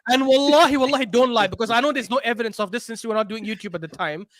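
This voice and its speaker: A panelist man arguing loudly and quickly in a casual football debate. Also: very high-pitched, a crowd in the background. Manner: fast, loud, argumentative.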